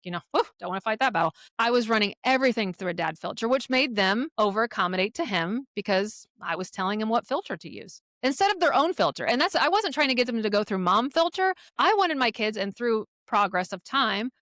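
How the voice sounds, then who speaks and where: A woman's voice: on the high side, fairly quick, hardly any pauses, dry recording. Give me a frank middle-aged woman guest swearing casually, recorded dry and close. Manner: frank, profane, animated retelling of quotes. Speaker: podcast guest, co-parenting expert. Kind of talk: candid conversational storytelling.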